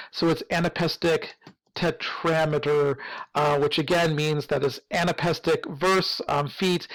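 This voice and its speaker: A man with a fairly high voice gives a lesson to his students. He talks in a loose, hesitant way, with plenty of fillers and small restarts as he explains. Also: creaky, fairly bright tone, rough recording. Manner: hesitant, many fillers and hedges. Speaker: teacher. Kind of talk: recorded lecture.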